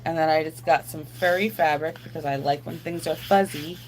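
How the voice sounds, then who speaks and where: A woman's voice: sits low, fairly even intonation, a little fast, a little mellow, a little hiss or hum. A woman live streaming, chatting casually and rambling to her viewers while answering their comments aloud.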